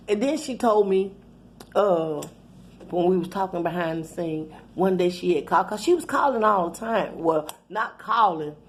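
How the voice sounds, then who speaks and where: A woman's voice: medium pitch, expressive, normal speed. A middle-aged woman telling a rambling, profane, laughing story in casual chat. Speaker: channel host.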